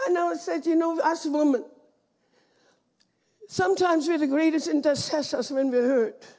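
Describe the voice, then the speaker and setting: A woman preacher delivering a sermon, emphatic and often breaking into shouts. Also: sits high, steady tone, moderate pace.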